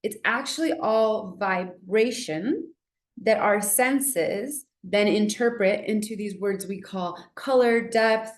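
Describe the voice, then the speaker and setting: A woman's voice: mid-range voice, takes it slowly, echoey room. A young woman hosting a casual book discussion, chatty and full of "like," reading passages aloud now and then. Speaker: book club host.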